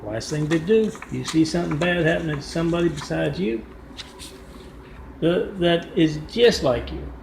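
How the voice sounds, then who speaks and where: Gravelly man rambling in an echoey room. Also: on the high side, normal speed, darkish tone. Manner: meandering, wry asides, frequent fillers. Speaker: vlogger. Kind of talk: rambling casual storytelling. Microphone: phone front camera. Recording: echoey room with background noise.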